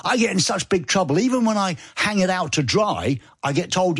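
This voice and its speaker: A man's voice: high voice, animated, brisk, fairly bright tone, breathy edge, no echo, clean studio sound. An older man hosting a live radio show, chatting and reading listener messages aloud in a teasing way. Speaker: radio host. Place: radio studio.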